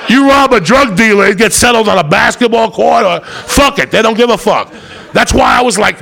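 A man telling a profane stand-up story, rowdy and swinging into loud high-pitched outbursts. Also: moderate pace, vocal fry. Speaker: comedian. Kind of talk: stand-up storytelling to a live audience.

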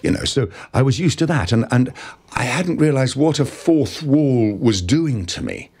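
A man, an actor being interviewed, telling stories about his career in an animated, expressive way. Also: medium pitch, moderate pace, breathy edge. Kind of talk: conversational interview, storytelling.

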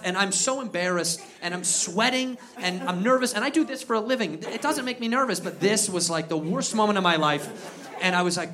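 A high-pitched man tells a story on stage in a stand-up set, getting more animated and shouting at his punchlines. The live recording is full of crowd noise and laughter. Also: brisk. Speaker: stand-up comedian. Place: comedy venue stage. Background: audience laughing.

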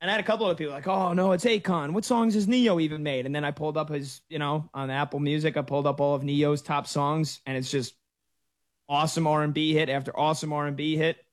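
Man in his thirties, sports radio host, casual chatty storytelling, slightly high voice. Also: steady tone, quick pace, no echo. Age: 30s.

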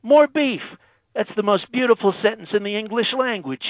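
Over a tinny phone line, a man at normal speed uses a high-pitched, animated voice to mimic a boastful, brash president who can't stop praising himself. He brags and repeats phrases for emphasis. There's no echo.

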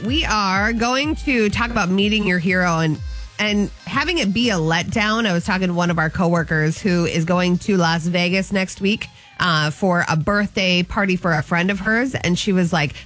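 A woman's voice: on the low side, normal speed, fairly bright tone, soft background music. A woman co-hosting a morning radio show, chatting casually and asking follow-up questions.

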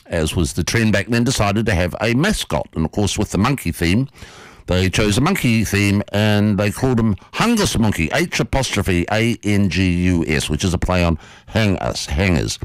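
A man hosting a radio show, telling a story in a lively, animated way from a studio. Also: fairly low pitch, normal speed, no room sound, poor audio. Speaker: radio host.

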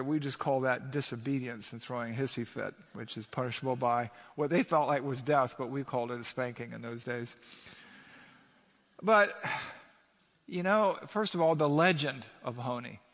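A man's voice: medium pitch, normal speed, a bit bright, long reverb tail. A male pastor preaching a sermon, emphatic, with rhetorical questions to his congregation.

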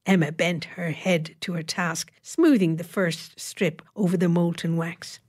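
Woman narrating an audiobook, slightly low voice. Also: steady tone, a little slow, darkish tone, slightly rough. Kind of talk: scripted narration.

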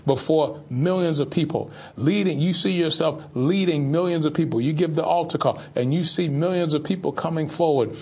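Husky-voiced preacher man. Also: on the high side, moderate pace, hardly any pauses, a little mellow. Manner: preachy, repetitive, rhetorical questions. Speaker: pastor. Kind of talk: sermon.

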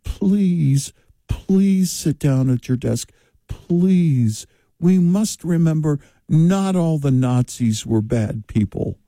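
A man reading a radio promotion in a steady, upbeat announcer style. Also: fairly high pitch, slow, no echo, clean studio sound. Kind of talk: read radio ad.

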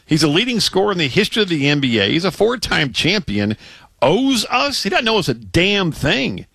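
A man co-hosting a sports talk radio show, worked up and emphatic, with a very lively pitch and a bright, forceful tone. He is feeling sick and is recorded dry on a close studio mic. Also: a little fast, gravelly, dry recording. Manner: excitable, emphatic, stammering restarts. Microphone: studio microphone.

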